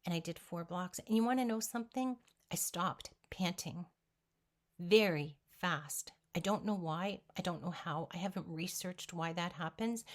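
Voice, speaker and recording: Earnest woman giving motivational encouragement. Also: medium pitch. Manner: speaks directly to the viewer. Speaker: weight-loss vlogger. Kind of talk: motivational talk to camera.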